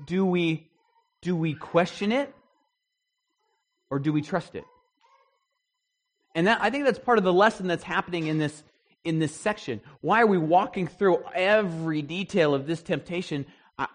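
Leading an interactive Bible study, a man talks conversationally, asks the group questions, and often restarts his sentences. His pitch is fairly high, he speaks at a normal speed, and he pauses often.

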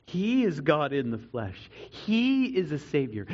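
A man preaching a sermon to a congregation, earnest, swinging between loud emphatic stretches and quiet reflective ones. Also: sits high, big pitch swings, moderate pace, few pauses, dull audio. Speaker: pastor.

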